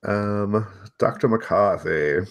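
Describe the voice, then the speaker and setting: A man running a tabletop role-playing game, relaxed and encouraging with his players. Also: on the low side, drawn-out words, vocal fry. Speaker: game master.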